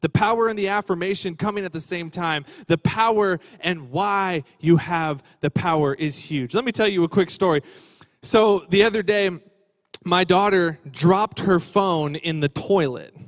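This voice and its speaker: A middle-aged man preaching a sermon, swinging between hushed, tender lines and loud, animated storytelling. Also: high-pitched, normal speed, in a large hall. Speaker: pastor.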